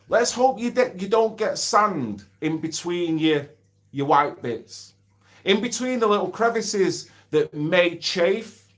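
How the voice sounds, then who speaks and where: A middle-aged man talks casually on a home livestream. His voice sits a little high for a man, and he speaks bluntly and swears freely. He reads out and answers viewer comments as he goes. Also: a bit bright. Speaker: livestream host.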